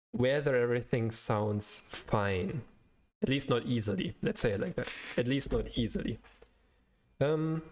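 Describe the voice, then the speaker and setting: A young adult man live-coding on a stream, talking his way through the code in a hesitant, self-correcting way, pausing to search for words. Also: mid-range voice, darkish tone. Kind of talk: thinking aloud while programming on a livestream.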